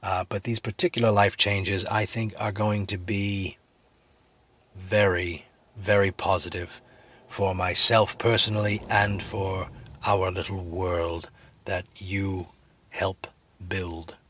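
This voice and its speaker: A middle-aged man telling a rambling comic story full of fillers, with a husky voice. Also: sits low, slow pace. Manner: rambling, filler-heavy, deadpan, then sincere. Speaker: comedic video host.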